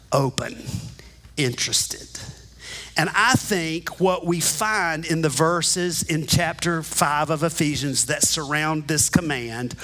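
Bright high-voiced man preaching. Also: poor audio. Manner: animated teaching, direct address to congregation. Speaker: pastor. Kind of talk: sermon. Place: church sanctuary.

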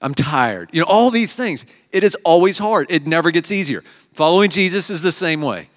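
A man in the pulpit delivers a relaxed, conversational sermon, slipping into little acted-out quotes as he tells stories. His voice sits a little high for a man. The sound carries a long reverb tail from the hall. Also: fairly quick. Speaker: pastor.

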